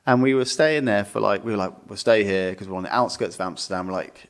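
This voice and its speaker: Fast-talking and somewhat low-voiced, this young podcast co-host spins a casual tale full of cursing. He meanders a lot and leans heavily on fillers.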